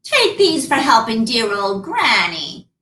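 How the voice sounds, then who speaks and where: Woman doing a creaky-sweet old beggar hag, high and wheedling, swoops way up, roomy far-off sound. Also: big pitch swings, slow pace, sharp tone, full character voice. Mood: coaxing. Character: cackling old beggar woman, the disguised wicked queen. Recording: roomy, from far off, faint background noise.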